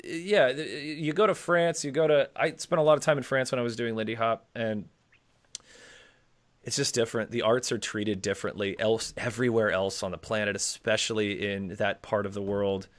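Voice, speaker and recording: A man co-hosting a casual talk show, animated and rambling, swearing casually. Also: on the low side, moderate pace. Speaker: co-host. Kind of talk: casual podcast chat.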